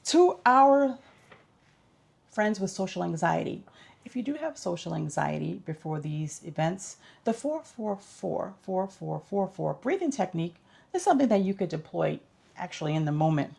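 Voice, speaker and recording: A woman's voice: on the low side, very animated, moderate pace, vocal fry, darkish tone, husky. A woman vlogger giving casual tips in an upbeat, chatty, instructive way.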